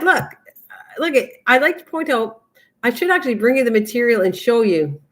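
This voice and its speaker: A woman's voice: on the high side, big pitch swings, normal speed. An older woman hosting a casual craft livestream, chatting in a rambling way and laughing often as she talks to viewers by name.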